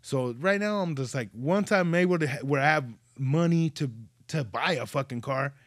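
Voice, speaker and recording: A male podcast host, spinning profane, animated stories in casual chat. His voice sits a little high for a man, and the sound is close and dry, with no room around it. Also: moderate pace, no echo. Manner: profane, animated storyteller acting out dialogue.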